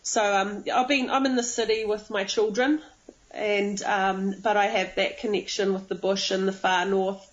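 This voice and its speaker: A woman's voice: medium pitch, normal speed. New Zealand woman on a dull line. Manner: chatty, relaxed, many ums. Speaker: radio guest. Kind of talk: phone-in interview.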